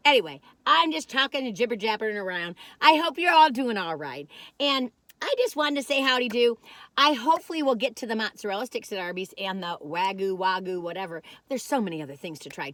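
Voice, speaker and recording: Woman, middle-aged, folksy, rambling, animated pitch. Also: dry recording. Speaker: food reviewer. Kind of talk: casual taste-test chat.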